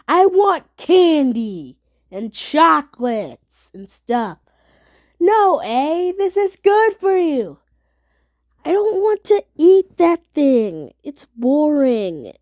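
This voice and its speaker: A woman's voice: high-pitched, sing-song, drawn-out words, muffled recording, exaggerated voice. A woman voicing a stubborn young child who keeps sneezing and whines about being sick, in a toy play story. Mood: whiny. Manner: whiny, insists it is not sick.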